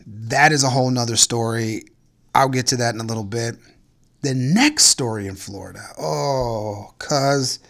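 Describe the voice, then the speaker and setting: A podcast host with a mid-range, fairly bright voice chats casually. He rants about strange news stories, sounding incredulous and swearing freely.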